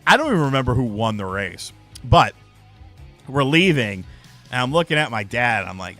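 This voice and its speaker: Young male streamer, bright animated delivery, loose storyteller who swears. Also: mid-range voice, normal speed, long pauses, faint music behind. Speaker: live stream host. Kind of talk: casual live stream chat.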